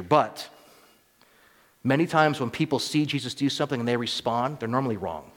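Male preacher, middle-pitched, teaching sermon with emphatic swells and soft asides; hall reverb. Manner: teaching, rising to emphatic peaks and dropping to quiet asides. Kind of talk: expository sermon.

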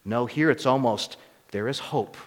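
Male preacher, middle-pitched, teaching sermon with emphatic swells and soft asides; hall reverb. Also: unhurried. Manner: teaching, rising to emphatic peaks and dropping to quiet asides. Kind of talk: expository sermon.

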